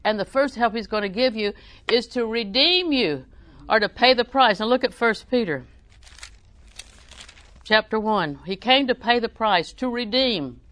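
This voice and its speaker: A woman's voice: fairly high pitch, a bit bright, dry recording. A woman preaching a sermon, reading scripture aloud and telling folksy family stories.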